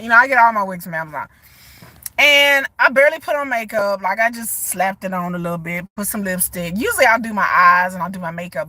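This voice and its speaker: Bright-voiced chatty woman. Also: mid-range voice. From Texas. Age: 40s. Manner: chatty, animated, often laughs and says y'all. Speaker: vlogger. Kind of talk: casual live-stream chat. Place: inside a parked car. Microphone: phone held at arm's length.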